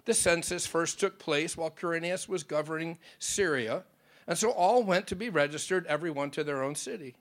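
Earnest male pastor, slightly high voice. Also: normal speed. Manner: conversational, earnest preaching. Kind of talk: dramatic sermon storytelling.

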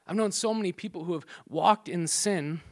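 A man's voice: high voice, moderate pace, a little mellow. A middle-aged man preaching as pastor in a conversational way, joking asides and acting out quarrels, often repeating and restarting words. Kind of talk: sermon.

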